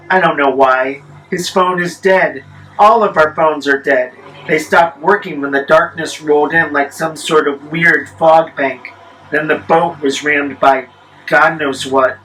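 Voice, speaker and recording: Man, spooky storyteller, slightly high voice, measured, dry wry asides, faint music underneath. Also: steady tone, bright, forceful tone, rough recording. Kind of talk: spooky first-person storytelling.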